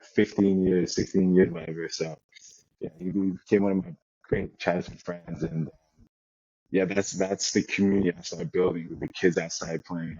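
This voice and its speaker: Young adult male guest, very deep voice, easygoing anecdotes, muffled lo-fi recording. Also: creaky, slightly rough. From Nigeria. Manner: relaxed storytelling with many restarts. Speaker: guest, American football player. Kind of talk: casual interview chat.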